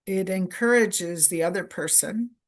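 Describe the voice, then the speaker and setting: Slow, low-voiced woman lecturing. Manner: slow, deliberate, repeats key phrases in short lists. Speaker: workshop presenter. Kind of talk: conference lecture.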